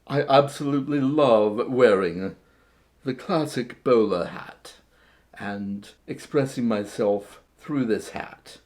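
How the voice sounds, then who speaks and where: A man voicing a classic British gentleman in a clumsy put-on British accent, as a brief bit in a casual video. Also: medium pitch, slow, natural voice. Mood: pompous.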